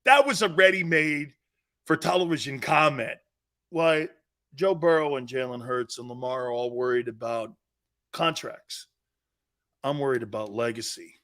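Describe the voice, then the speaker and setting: A middle-aged man hosting a sports talk show, ranting sarcastically and shouting with bursts of laughter. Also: on the high side, a little slow. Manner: loud, sarcastic, shouts and laughs mid-rant. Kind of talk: sports talk radio rant.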